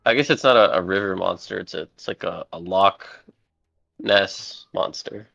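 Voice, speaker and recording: A man with a very low, gravelly voice trades jokes in a casual podcast chat, laughing often and trailing off mid-sentence. The sound is dry and dull, with faint music underneath. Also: normal speed, pushed and bright, no room sound. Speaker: podcast co-host.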